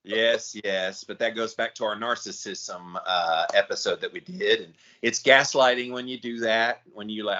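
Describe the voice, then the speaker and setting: A man co-hosting a casual podcast chat, animated and acting out quotes in different voices. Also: on the low side, normal speed, few pauses, muffled recording. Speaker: podcast co-host.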